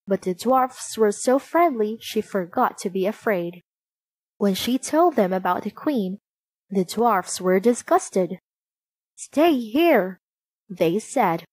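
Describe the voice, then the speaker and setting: A woman narrating a storybook aloud, slow, clear and expressive. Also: medium pitch, no echo.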